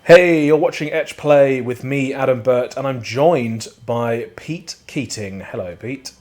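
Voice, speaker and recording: A man's voice: medium pitch, a little slow, darkish tone. An English man hosting a show, chatting casually and joking while playing a game. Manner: upbeat, jokey banter. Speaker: host. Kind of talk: casual chat while gaming.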